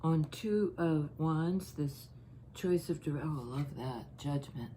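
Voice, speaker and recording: A woman giving a casual tarot reading, musing and halting as she thinks aloud over each card. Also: deep voice, mellow, slight background noise. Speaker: tarot reader.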